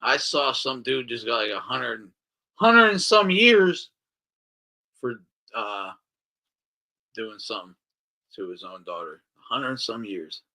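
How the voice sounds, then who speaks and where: A man co-hosting a casual podcast, ranting in an animated way, swearing a lot and acting out what others said. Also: mid-range voice, slow, pauses often. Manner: animated, swears a lot, acts out quoted voices. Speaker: podcast co-host.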